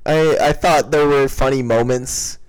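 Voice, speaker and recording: Measured, hesitant man reviewing films. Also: medium pitch, steady tone, clear, resonant tone. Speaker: podcast co-host. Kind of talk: casual chat.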